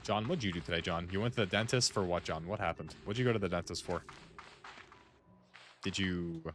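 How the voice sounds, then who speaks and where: Soft music plays behind a deep-voiced gaming streamer who talks briskly during a game. He rambles casually to his friends, musing aloud with heavy use of "like."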